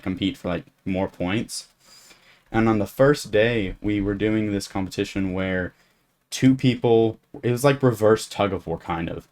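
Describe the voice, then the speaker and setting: A teenage guy telling a story from camp, his voice sitting a little low. He rambles, stacking fillers and false starts as he goes. It sounds like a casual gaming storytime. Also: darkish tone. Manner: rambling, full of fillers and restarts. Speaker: gaming YouTuber. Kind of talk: storytime narration over gameplay.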